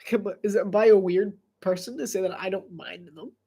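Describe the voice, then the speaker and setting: Woman, live play-by-play, stuffy and congested, rambling chatter, mid-pitched. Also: fairly even intonation, brisk, dark tone, slightly rough. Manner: chatty, rambling, laughs often. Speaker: sports commentator. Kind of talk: casual live game commentary.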